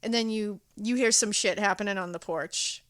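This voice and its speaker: Animated, storytelling woman podcast host. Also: medium pitch, normal speed, no room sound, clean studio sound. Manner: animated storytelling, acts out characters, laughs often. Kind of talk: casual chat.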